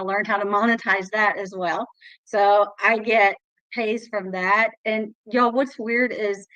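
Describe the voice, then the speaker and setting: A woman's voice: medium pitch, fairly bright tone, no room sound, poor audio. A middle-aged woman, sharing her success story in a chatty, emotional way on a live call. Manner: chatty, emotional, says y'all often. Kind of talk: casual testimonial on a live call.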